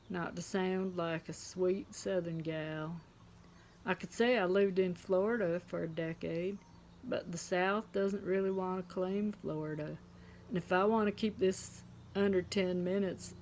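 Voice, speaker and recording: A middle-aged woman tells a deadpan comic story straight to her camera at home. Her voice has a gravelly rasp, and she drops to a hushed tone whenever a punchline lands. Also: on the low side, a little hiss or hum. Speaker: comedy contest entrant. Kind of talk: deadpan stand-up monologue to camera. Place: home, indoors.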